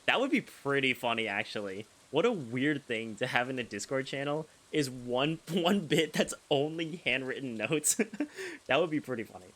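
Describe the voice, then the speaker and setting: This young man sounds very animated, with a medium pitch, normal speed and a fairly bright tone. He's live-streaming a video game, chatting in a rambling way, laughing often and restarting sentences over game music.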